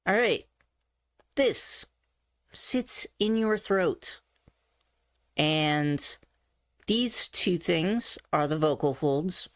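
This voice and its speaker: A woman teaches voice basics in a low, slow, easygoing way, chatty and given to side remarks and quick self-corrections. Her voice sits close and dry at the mic, with no room around it. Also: expressive, no room sound. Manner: chatty, thinks aloud with asides and self-corrections. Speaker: voice coach. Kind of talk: casual explanatory teaching. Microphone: desk mic on a face-tracked avatar setup.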